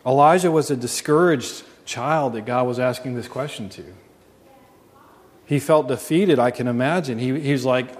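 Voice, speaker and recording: A man's voice: mid-range voice, normal speed. Male pastor preaching earnestly; mid-range voice, lingering hall echo. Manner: earnest preaching, asks the congregation questions. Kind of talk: sermon. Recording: long reverb.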